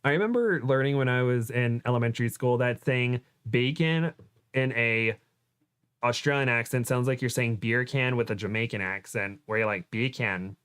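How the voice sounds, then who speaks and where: A man's voice: medium pitch, normal speed, fairly bright tone, clean tone. A young man chatting as a podcast guest, giggly and self-deprecating. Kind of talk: casual chat.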